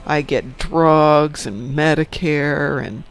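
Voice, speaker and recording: A man's voice: a little high, takes it slowly, faint music behind. A man in his sixties casually chatting on a live stream, reading the chat aloud and telling dad jokes. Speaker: stream co-host.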